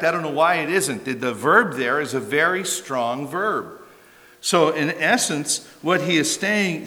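A man's voice: fairly high pitch, sharp tone. Older male pastor in a reverberant hall. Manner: conversational and emphatic, with rhetorical questions and asides. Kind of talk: sermon. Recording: long reverb of a large hall.

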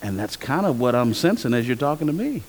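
A man preaching a sermon as pastor, acting out both sides of conversations in a lively way. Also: medium pitch, quick pace. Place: church hall. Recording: long hall reverb.

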